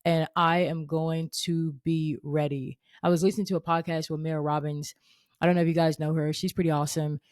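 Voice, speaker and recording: A woman's voice: low-pitched, level tone, a little fast, darkish tone, no room sound, clean studio sound. A young woman hosting a faith podcast, talking earnestly and casually, often restarting and saying "like". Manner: earnest, conversational, with frequent "like" and restarts. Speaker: podcast host.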